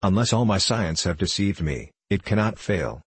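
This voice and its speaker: A man's voice: low-pitched, lively intonation, moderate pace, slightly rough, no echo. A man voicing an intense, obsessed male scientist who speaks impetuously in old-fashioned words, in an audiobook reading. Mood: earnest.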